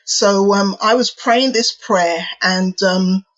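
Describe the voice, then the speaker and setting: A woman's voice: medium pitch, slow, dull audio. A British woman minister from England, telling her story reflectively as an interview guest.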